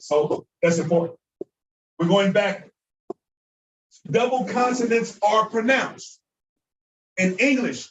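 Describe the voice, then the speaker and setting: A man teaching an Arabic class, lively and repeating words for drilling. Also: high voice, slight background noise. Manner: animated, acts out mispronunciations, repeats words for drilling. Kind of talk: classroom lecture. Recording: echoey room, voice from far off.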